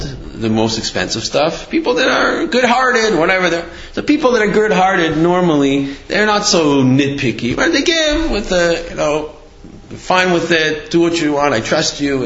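A man with a fairly high voice teaches a Torah class, talking loosely and telling stories with many fillers. The sound is roomy with lots of echo. It is also dull and muffled. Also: a bit bright. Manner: conversational, storytelling, many fillers.

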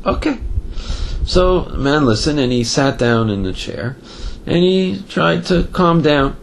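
Male Torah teacher, storytelling class, lively and gravelly, slight background noise. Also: a little high, unhurried. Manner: animated storyteller with Yiddish and Hebrew terms, frequent fillers.

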